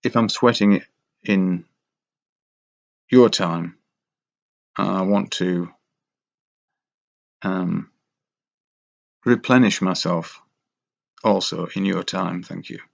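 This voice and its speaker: A man drifts through a casual, meandering monologue, wry and self-mocking. His voice sits low with a gravelly fry, and he takes his time over every thought. The recording is dull and lo-fi. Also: very slow, long pauses. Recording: dull lo-fi sound.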